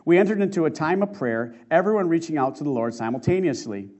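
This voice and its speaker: A man preaching a sermon, reading a testimony aloud in an earnest, emotive way with slow dramatic stresses. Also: on the high side, expressive, a little mellow. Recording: muffled lo-fi recording.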